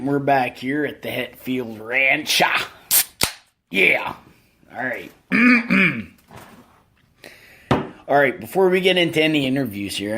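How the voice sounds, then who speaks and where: A man's voice: medium pitch, gravelly, background noise. A man doing a comedic impression of a blustering, patriotic rock-star father, hosting a podcast with rambling, self-righteous stories. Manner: rambling, self-righteous storytelling with slow pauses. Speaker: podcast host.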